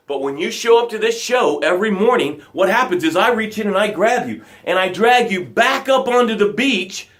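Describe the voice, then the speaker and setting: A man hosting a live motivational broadcast, preaching with emphatic, dramatic energy and slowing to near whispers for emphasis. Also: sits high, a bit bright. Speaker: motivational show host.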